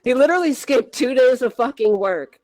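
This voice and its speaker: A man's voice: extremely high pitch, animated, fairly quick, a little mellow, dry recording. A man hosting a casual talk show, telling rowdy, crude stories and swearing a lot while he laughs. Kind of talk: casual chat, rowdy storytelling. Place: virtual reality social space.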